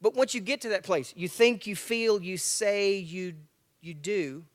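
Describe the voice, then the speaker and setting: Here a forties-aged man delivers a motivational talk as a guest speaker at a church men's breakfast. His voice is high and his pace measured as he spins stories, acts out dialogue and cracks self-mocking jokes with a lively storyteller's energy.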